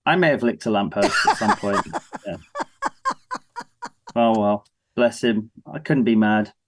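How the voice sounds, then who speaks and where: A man in his thirties with an English accent, a guest musician on a casual interview, telling lively stories and acting out his family's voices. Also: lowish voice, a little slow, heavy background noise. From England.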